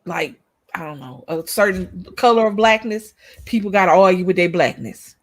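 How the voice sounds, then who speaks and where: A woman's voice: fairly low pitch, animated, moderate pace. A woman co-hosting a casual chat show, blunt and outspoken, swearing freely and repeating her points for emphasis. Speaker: co-host of a couples' YouTube channel.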